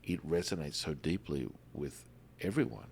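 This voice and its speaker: A man hosting a spiritual podcast in a casual, animated way, often calling listeners "baby.". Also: rumbling low, moderate pace, a little hiss or hum. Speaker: podcast host.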